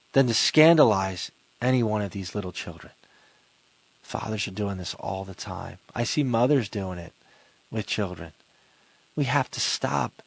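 A man giving a sermon as a Catholic preacher, earnest and exhorting, slowing down to stress points. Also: mid-range voice, no room sound. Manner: earnest, exhorting, slows for emphasis.

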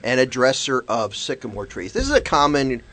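Laughing Christian radio host. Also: male voice, medium pitch, moderate pace. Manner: laughs often, reads scripture and meditations in a calm, earnest voice. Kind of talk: casual morning radio chat and devotional reading. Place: radio studio.

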